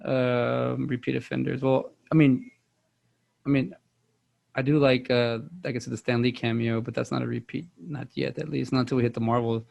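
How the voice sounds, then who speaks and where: A man co-hosting a casual movie podcast, his voice gravelly and frayed at the edges. He rambles, restarts sentences and stacks up fillers as he goes. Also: medium pitch, flat delivery, moderate pace. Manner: rambling, many fillers and restarts, acts out quotes loudly. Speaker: podcast co-host.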